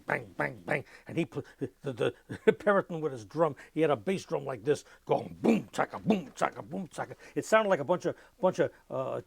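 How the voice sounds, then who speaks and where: Gravelly older New man. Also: medium pitch, no room sound. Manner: lively anecdotal, imitates sounds and voices. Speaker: interviewee, musician. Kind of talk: oral history storytelling.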